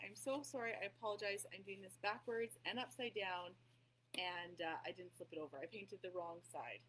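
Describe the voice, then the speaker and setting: A woman's voice: mid-range voice, moderate pace, fairly bright tone, breathy edge, rough recording. A woman hosting a casual craft tutorial at her table, chatting as she paints and often apologizing for her slips. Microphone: table mic that cuts out.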